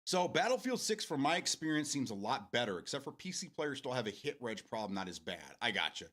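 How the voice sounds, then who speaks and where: Male host, casual home gaming talk show. Bright, animated voice. Rambling, profane and quick to laugh. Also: mid-range voice. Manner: rambling, restarts often, swears freely, laughs a lot.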